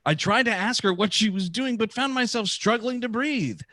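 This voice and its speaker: A man with a high, bright voice reads a listener letter on a comedy podcast, his pitch leaping all over. He laughs easily as he reads. The recording is dry and close. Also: moderate pace, dry recording. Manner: animated, laughing.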